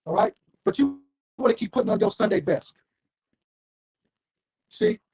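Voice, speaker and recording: Fiery gravelly man preaching. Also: very high-pitched, huge pitch swings, a little slow, mellow, no echo. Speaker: street preacher. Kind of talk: street sermon with scripture reading.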